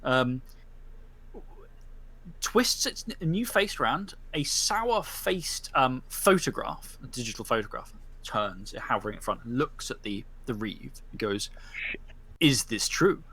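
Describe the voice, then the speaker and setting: A man's voice: medium pitch, slow pace, sharp tone, breathy edge. A man narrating a tabletop game as storyteller, rambling with many restarts.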